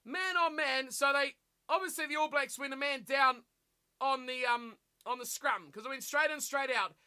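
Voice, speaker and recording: A man commentating live on a rugby match for his stream, animated and full of rhetorical questions, reading viewer chat aloud and answering it. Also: extremely high pitch, moderate pace.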